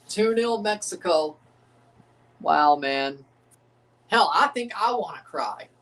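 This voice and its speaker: A young man hosting a live football watchalong, calling goals with excitement and dropping into low mumbled asides between plays. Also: takes it slowly. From United States. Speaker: livestream watchalong host. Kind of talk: live football reaction commentary.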